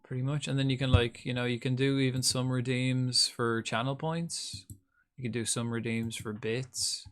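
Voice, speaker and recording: A man's voice: mid-range voice, steady tone, normal speed. Guy streaming games, rambly and chatty, talks to chat as he plays. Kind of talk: casual live-stream chat while gaming.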